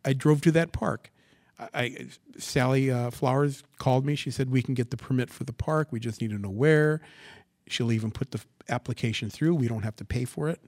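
A man's voice: mid-range voice, fairly quick, dry recording. Man, pastor, sermon, rhetorical questions, dynamic swings, mid voice, dry sound. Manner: animated, rhetorical questions, dramatic swings from quiet to loud.

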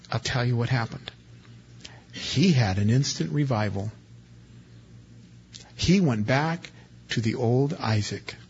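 A man's voice: medium pitch, slight background noise. A male pastor preaching an expository sermon in a folksy, country-preacher manner, reading scripture aloud and then explaining it. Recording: dull lo-fi recording.

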